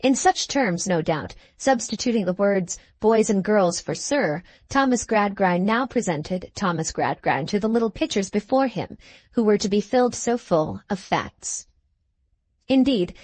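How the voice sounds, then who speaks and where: A woman reading an audiobook in measured, even scripted narration. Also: mid-range voice, dry recording.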